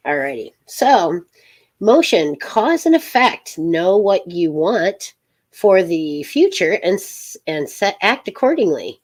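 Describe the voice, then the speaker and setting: A middle-aged woman hosting a casual live tarot reading, rambling and halting, with many fillers and soft laughs. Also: lowish voice, sing-song.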